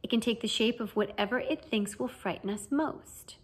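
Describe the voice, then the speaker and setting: A woman's voice: on the high side, normal speed, breathy edge. A woman voicing an eager, know-it-all schoolgirl in a fan audiobook reading, explaining confidently.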